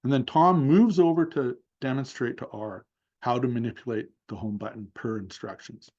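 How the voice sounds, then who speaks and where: A man's voice: mid-range voice, moderate pace, darkish tone, highs cut off. A man giving a seminar talk over a video call, thoughtfully narrating a session step by step with many fillers. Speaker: seminar speaker.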